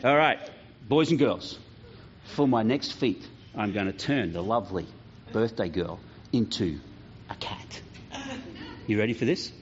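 A man's voice: on the low side, a little slow, pauses often, a little hiss or hum. A man giving a playful, joking children's talk in church, quizzing the kids as he goes. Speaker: children's pastor. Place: church hall. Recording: dull lo-fi church sound.

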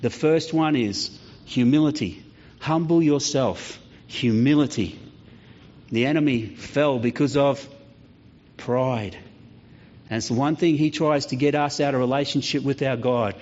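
A man's voice: medium pitch, unhurried. A man preaching a sermon, telling stories and acting out voices along the way. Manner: storytelling preacher, acts out voices, lively. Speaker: pastor. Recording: slightly dull lo-fi sound.

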